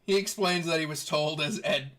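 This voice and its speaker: A man's voice: a little high, moderate pace, background noise. A man narrating as game master in a tabletop game, chatty and often laughing.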